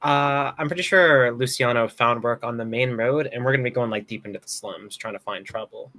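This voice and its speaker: A man's voice: mid-range voice, fairly quick, pushed and bright. A man playing a tabletop game, talking in a laid-back way with lots of fillers. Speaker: player. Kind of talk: casual tabletop play.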